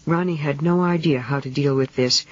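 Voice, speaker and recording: A narrator giving a steady, measured reading of a novel. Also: mid-range voice. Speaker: audiobook narrator. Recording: dull lo-fi 1970s audiobook tape.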